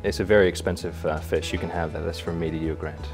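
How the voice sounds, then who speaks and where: Male magician, low voice, halting storyteller over faint music. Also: steady tone. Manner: hesitant, halting storyteller with many restarts. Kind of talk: storytelling during a magic trick.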